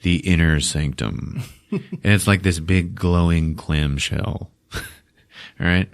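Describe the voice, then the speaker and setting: A man's voice: low-pitched, takes it slowly. A man hosting a podcast, retelling a film in a casual, profane way and laughing often, recorded on a podcast microphone. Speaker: podcast host. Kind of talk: comic film recap.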